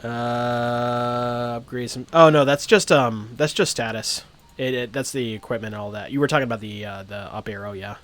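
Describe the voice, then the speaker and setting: A man's voice: mid-range voice, fairly even intonation, normal speed, a bit bright. Male streamer with a mid-range voice, rambling, filler-heavy live commentary over a game. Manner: rambling, lots of uhs and ums. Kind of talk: casual live-stream commentary, reading game text aloud.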